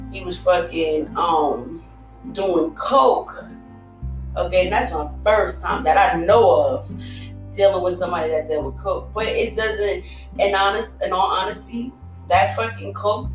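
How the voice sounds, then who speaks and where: A young woman telling a candid personal story, bluntly and emotionally, swearing and laughing often. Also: mid-range voice. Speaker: storytelling host. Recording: echoey room, voice far from mic.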